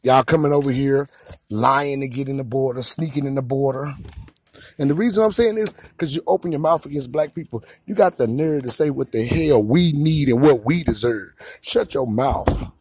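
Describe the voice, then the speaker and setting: A man's voice: medium pitch, a little fast, a little mellow, slightly rough. An American man and father delivering a heated, repetitive, confrontational rant straight to camera. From United States. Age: adult father of a young son. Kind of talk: ranting monologue to camera.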